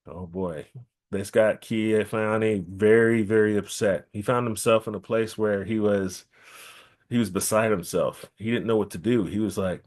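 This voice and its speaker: A man telling a traditional story at a temple gathering, lively, repeating key phrases for emphasis. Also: on the low side, moderate pace. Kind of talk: oral storytelling.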